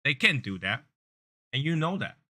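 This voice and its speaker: With a sing-song delivery at normal speed, this cigar review host chats casually and earnestly. He drifts and repeats himself, and impersonating angry callers makes his voice climb in volume and pitch.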